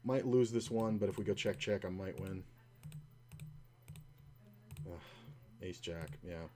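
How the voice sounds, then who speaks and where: A man's voice: deep voice, moderate pace, warm tone, slight background noise. A man commenting on his own online poker play, swearing often and telling stories in a frustrated, ranting way. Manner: long anecdote with acted-out quotes.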